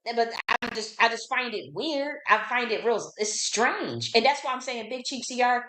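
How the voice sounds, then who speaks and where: A woman, hosting her own channel in a heated, casual rant. She talks in a fairly high voice, swearing freely, repeating herself and circling back with indignation. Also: expressive, moderate pace, sharp tone. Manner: profane, repetitive, indignant. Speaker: channel host.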